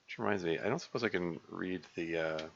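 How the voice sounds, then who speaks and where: A man's voice: low-pitched, a little fast, creaky, muffled recording. A man casually commenting on his own game stream, rambling with many fillers, restarts and small chuckles. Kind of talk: casual let's-play commentary.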